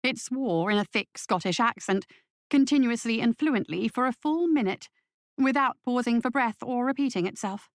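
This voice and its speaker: A woman narrating a scripted story in a measured, clear way. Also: a little high, animated, dry recording, studio quality. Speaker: audiobook narrator.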